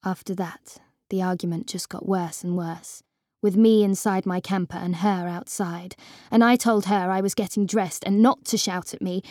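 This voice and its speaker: A woman reading a storybook aloud as an expressive first-person narrator. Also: mid-range voice, no room sound, clean studio sound. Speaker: audiobook reader.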